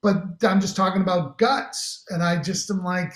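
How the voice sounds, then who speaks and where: A man's voice: high voice, level tone, moderate pace, hardly any pauses. A middle-aged man, an actor guest in a casual interview, talking enthusiastically and rambling with many restarts. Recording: roomy echo.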